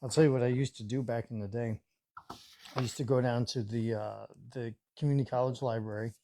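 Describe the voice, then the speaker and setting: A man's voice: mid-range voice, fairly even intonation, fairly quick, dark tone, slight background noise. A man in his forties chatting casually on a live stream, telling a story and acting out the voices he quotes.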